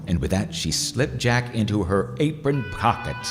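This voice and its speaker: A man narrating a storybook at a live orchestra concert in a slow, expressive storytelling manner. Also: fairly low pitch, long reverb tail, loud music behind the voice. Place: concert hall.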